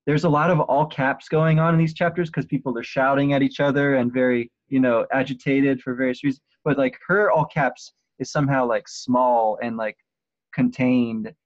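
A man chats on a podcast, pausing and filling gaps as he hunts for the right words. His voice comes through a dull, muffled line with a dry, close sound and no room echo. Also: mid-range voice, fairly even intonation. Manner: hesitant, lots of "like" and "um", searching for words. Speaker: podcast co-host. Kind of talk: casual book discussion.

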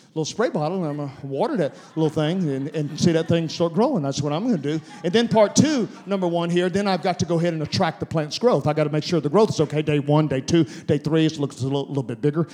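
A man, a guest pastor, preaching a sermon in an animated, repetitive way, going through steps one by one. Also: high voice. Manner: animated, repetitive step-by-step demonstration.

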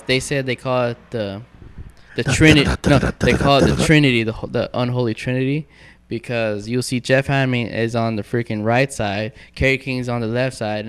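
A young man, a guest on a casual podcast panel, tells animated stories and acts out other people's lines. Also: mid-range voice, clear, resonant tone. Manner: animated storyteller acting out quoted dialogue.

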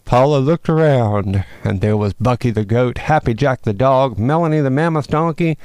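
A man of middle pitch reads a holiday animal story in a storytelling voice. He brightens and rises for the critters' quoted lines. The recording is close and dry, with no room sound. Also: moderate pace, smooth, dry recording. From North Carolina, USA. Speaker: host reading a holiday story. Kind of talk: storybook narration with character voices.

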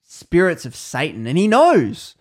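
A man telling a story casually, animated and full of fillers, acting out the quotes. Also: on the high side, measured pace.

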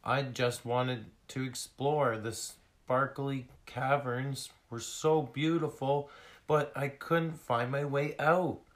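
A man's voice: medium pitch, fairly even intonation, takes it slowly, voice pushed up, natural voice. A man reading aloud, voicing a lost young female seal who is tearful and lonely.

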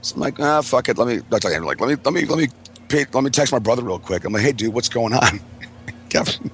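A man's voice: medium pitch, expressive, quick pace, slight background noise. A man telling a rambling, profane story in casual chat, acting out the quotes of everyone involved. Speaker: podcast co-host.

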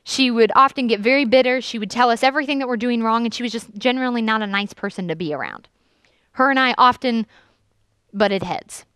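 A young woman youth pastor preaches, telling stories earnestly and leaning into key lines. Her voice sits a little high and comes through smooth and clear. The sound is dry and close. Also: a little fast, no echo. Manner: earnest storytelling with lively emphasis. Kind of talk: sermon.

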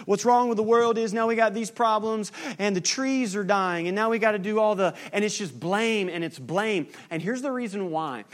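A man preaching a sermon as pastor, lively and teasing with his congregation. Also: high voice, normal speed, hardly any pauses.

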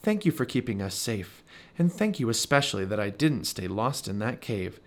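A man's voice: lowish voice, sing-song, normal speed. A man voicing an earnest young boy saying his bedtime prayers in a read-aloud storybook. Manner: earnest and sincere.

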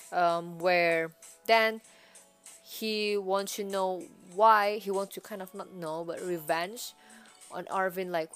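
A woman's voice: on the low side, clean tone. A young woman giving a casual movie review, chatty and rambling, stringing her thoughts together as she goes. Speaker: film reviewer.

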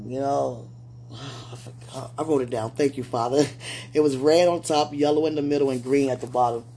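A woman's voice: a bass voice, fairly even intonation, normal speed, dark tone, a little hiss or hum. Pleading woman praying aloud. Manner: repetitive, pleading, talking to herself. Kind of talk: emotional spoken prayer.

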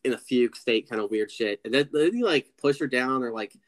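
A man co-hosting a podcast, giving his opinions on a film in casual chat and quoting the characters in quick asides. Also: medium pitch. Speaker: podcast co-host.

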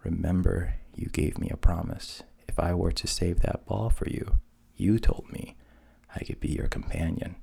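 A man's voice: low voice, steady tone, normal speed, vocal fry, dark tone, breathy edge, exaggerated voice. A man voicing a pushy male talking frog who insists on his demands. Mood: pleading.

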